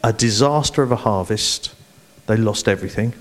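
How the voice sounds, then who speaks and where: A man's voice: on the low side, moderate pace. A man, a church leadership director, speaking animatedly and playfully in an onstage interview in front of a congregation.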